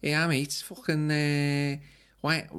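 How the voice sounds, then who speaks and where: A man's voice: fairly high pitch, flat delivery, slow, fairly bright tone, clear, resonant tone. A man putting on a rowdy, swearing lad with a Liverpool accent.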